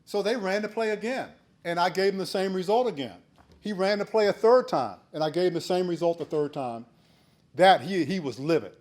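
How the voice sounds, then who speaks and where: This is an older man in his sixties delivering a storytelling keynote speech. His voice sits a little high for a man. He tells anecdotes in a folksy way and turns earnest and urging when he gives advice. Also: fairly quick. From United States. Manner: folksy, animated when retelling shouted quotes. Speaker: keynote speaker.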